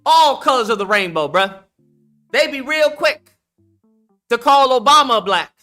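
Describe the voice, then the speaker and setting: Man, bright voice, blunt, emphatic, slangy, faint music behind. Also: very high voice, lively intonation, unhurried. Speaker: livestream host. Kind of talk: casual commentary with callers.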